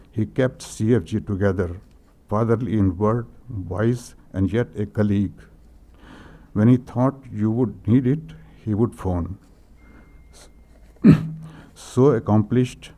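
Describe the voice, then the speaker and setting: An older man, reading condolence messages at a memorial, hesitant and emotional, often clearing his throat. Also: on the low side, warm tone. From India. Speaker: speaker at a memorial tribute.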